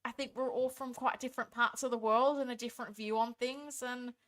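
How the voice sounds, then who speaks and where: Australian woman, stream host, tired late-night chat, higher pitched, bright tone, reads and answers comments. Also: fairly even intonation, fairly quick. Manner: reads viewer comments aloud and answers them, chatty and thankful. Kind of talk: casual live-stream chat.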